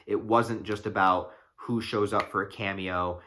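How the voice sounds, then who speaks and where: A young man giving a casual, excited movie review, rambling with fillers and swearing freely. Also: fairly low pitch, measured pace, a little hiss or hum.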